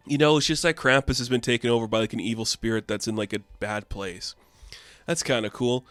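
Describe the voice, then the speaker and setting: A man's voice: mid-range voice, fairly bright tone, clean tone, no echo. Chatty, offhand man with a dry sound. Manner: offhand, chatty, many fillers. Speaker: comic book reviewer. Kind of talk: casual comic recap.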